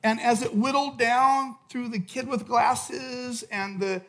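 A man preaching a sermon as pastor, impassioned, swinging from loud shouts to hushed intensity. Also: very high-pitched, fairly even intonation, takes it slowly. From California.

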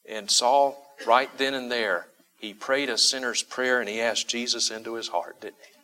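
Emphatic preacher man, bright tone. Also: mid-range voice, steady tone, moderate pace, slight background noise. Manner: emphatic, repeats key phrases for stress; asks the congregation rhetorical questions. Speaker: pastor. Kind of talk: sermon.

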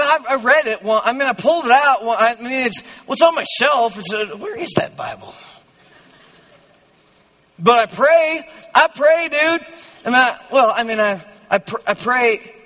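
A man's voice: on the high side, a bit bright, voice pushed down. A man voicing a lukewarm young churchgoer who brags in a folksy drawl and stumbles over his excuses. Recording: long hall reverb.

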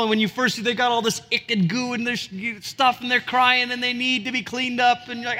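Pastor, man, 40s, high voice, earnest sermon with emphatic peaks, reverberant church. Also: normal speed, pushed and bright. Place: church sanctuary. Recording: reverberant hall.

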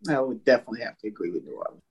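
A woman's voice: very deep voice, very fast, a little mellow, slightly rough, lo-fi sound. A woman in casual chat, outspoken and emphatic.

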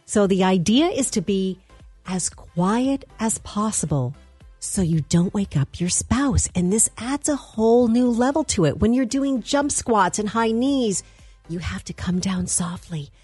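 A woman co-hosting a morning radio show, talking in a deadpan, playful way. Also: mid-range voice, unhurried, breathy edge, dry recording, soft background music. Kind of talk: casual radio banter.

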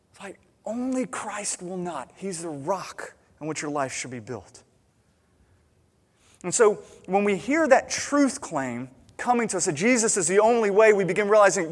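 A man preaching a sermon as a pastor, emphatic, swinging between loud urgency and quiet intimacy. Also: high-pitched. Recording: long hall reverb.

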